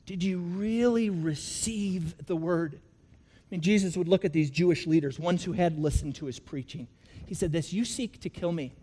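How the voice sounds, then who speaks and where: A man preaching a sermon, telling stories in an animated way and swinging from loud to hushed. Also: high-pitched. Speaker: pastor.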